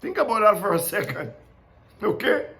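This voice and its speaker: A man's voice: high voice, wildly swooping pitch, moderate pace, bright, forceful tone. A man giving an informal Bible teaching. He talks in a conversational way, asks many questions and laughs often. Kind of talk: informal sermon.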